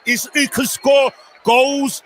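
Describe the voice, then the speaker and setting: A man co-hosting a live fan watchalong stream, agitated and often shouting at the game as it unfolds. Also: very high voice, flat delivery, takes it slowly, slight background noise. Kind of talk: live match watchalong chat.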